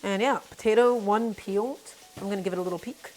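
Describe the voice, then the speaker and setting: A woman's voice: mid-range voice, fast, darkish tone, a little hiss or hum. Chatty woman cooking on a live stream. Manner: chatty, narrates each step and greets viewers. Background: faint music and sizzling pan.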